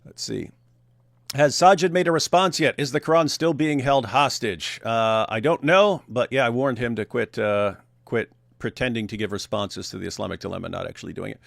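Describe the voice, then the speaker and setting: A man's voice: medium pitch, normal speed, creaky, fairly bright tone, no room sound, clean studio sound. A man hosting a casual live stream, reading viewer comments aloud, laughing often and restarting his sentences. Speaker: host.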